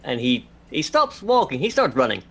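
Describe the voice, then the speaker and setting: A man's voice: mid-range voice, wildly swooping pitch, moderate pace, a bit bright, breathy edge, soft background music. A man playing a tabletop game, telling his character's reactions casually and hesitantly. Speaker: player.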